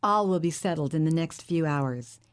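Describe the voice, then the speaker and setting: Woman voicing a huge, deep-voiced male psychic. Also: smooth, close to an everyday voice. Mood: patronizing. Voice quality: deep, melodious. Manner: calm, measured, intimate. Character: huge charismatic male psychic, patronizing and commanding. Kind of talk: audiobook character reading.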